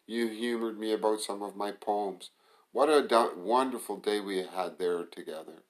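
Guy reading a book out loud, lowish voice, stumbles a bit and fixes it. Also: normal speed, rough recording. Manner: plain amateur reading with small stumbles and self-corrections. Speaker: reader. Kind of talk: reading a novel aloud.

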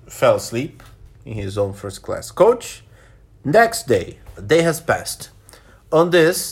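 A man reads a novel aloud, frequently pausing to comment and restate lines he has just read. His voice is mid-range with a breathy edge.

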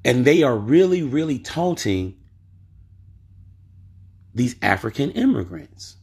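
Here a man hosts a podcast, spinning a story in relaxed monologue form and pushing his argument through emphatic rhetorical questions. His mid-pitched voice swings widely in pitch, moves slowly, and sounds gravelly, a little mellow, and breathy at the edges.

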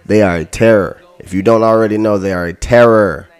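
A man's voice: fairly low pitch, steady tone, a little fast, smooth, soft background music. A man hosting a podcast, ranting heatedly and profanely, repeating himself. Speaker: podcast host.

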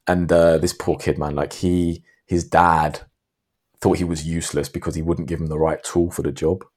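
Very low-voiced man rambling through a story. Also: flat delivery, normal speed, darkish tone. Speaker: podcast host. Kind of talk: casual podcast chat.

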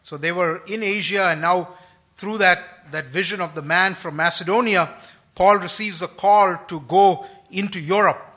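High, bright-voiced male preacher. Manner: unhurried, thoughtful, frequent fillers and restarts. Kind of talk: sermon.

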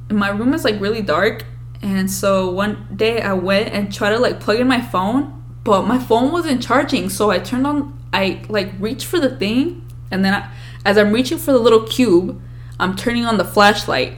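A young woman co-hosting a podcast, telling childhood stories in a casual, profane, animated way. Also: mid-range voice, slight background noise. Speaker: podcast co-host. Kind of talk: casual storytelling chat.

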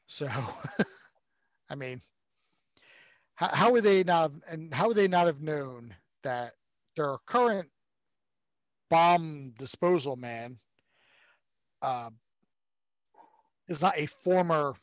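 A man's voice: a little high, animated, slow, long pauses, dry recording. A man co-hosting a casual movie podcast, rambling and sarcastic, swearing freely. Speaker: podcast co-host.

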